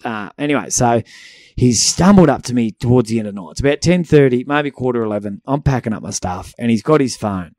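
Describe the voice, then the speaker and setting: A man's voice: medium pitch, fairly quick, no echo, clean studio sound. An Australian man co-hosting a podcast, telling a story with lots of swearing and acted-out voices. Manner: animated, acts out voices in anecdotes, swears freely. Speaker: podcast co-host. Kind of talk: casual storytelling chat.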